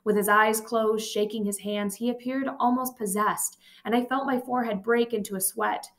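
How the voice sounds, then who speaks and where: A woman's voice: a little high, fairly even intonation, normal speed. Woman reading a memoir aloud. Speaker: audiobook reader. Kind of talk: amateur audiobook reading.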